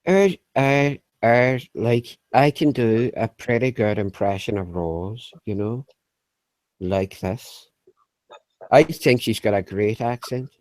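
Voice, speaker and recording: A man's voice: medium pitch, slow, a little mellow, no room sound. A man chatting casually in an online voice room, swearing freely, laughing a lot and rambling with restarts. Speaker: chat room regular. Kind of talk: casual online group chat.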